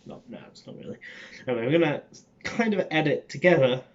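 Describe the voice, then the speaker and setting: A man's voice: on the high side, lively intonation, fast. A young man with a Cockney accent, an acting student rambling casually to his channel with lots of ums and swearing. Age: young adult. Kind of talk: casual chat. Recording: dull lo-fi sound.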